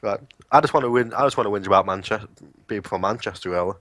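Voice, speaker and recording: An eighteen-year-old man, a young adult co-hosting a casual podcast, swears and jokes while ranting about call-centre work. His voice is lowish and a bit bright, his delivery rapid-fire, and the recording dry.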